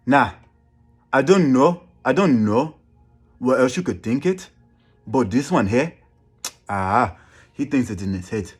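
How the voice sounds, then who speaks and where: A man doing a put-on African accent, speaking slowly and teasingly. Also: mid-range voice, expressive, breathy edge, faint music behind.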